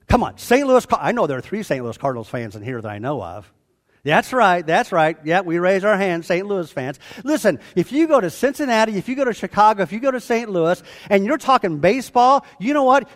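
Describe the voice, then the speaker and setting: A man in his sixties preaching a sermon to a congregation, animated and joking with them as he teaches. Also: sits high. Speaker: pastor. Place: church before a live congregation.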